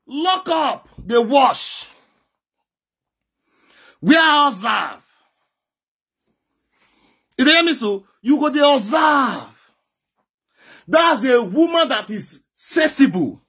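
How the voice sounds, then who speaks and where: Nigerian man, very high husky voice, lecturing commentator who keeps getting loud. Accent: Nigerian Pidgin English. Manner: emphatic, lecturing, often raises voice. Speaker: social media commentator. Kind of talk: direct-to-camera advice monologue.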